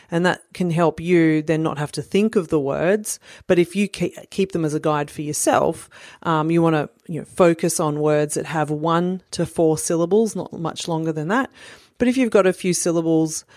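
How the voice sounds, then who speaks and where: A woman's voice: sits low, moderate pace, darkish tone, no room sound, studio quality. A woman in her thirties explaining early literacy skills to parents in a friendly, explanatory way, with frequent "you know" fillers. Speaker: parent educator. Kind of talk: instructional talk to parents.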